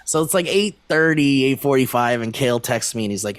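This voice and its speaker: A man's voice: on the high side, animated, a little fast, smooth, dry recording. A man co-hosting a podcast, telling a casual, rambling story to friends, laughing often and swearing freely. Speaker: podcast co-host. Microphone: remote call microphone.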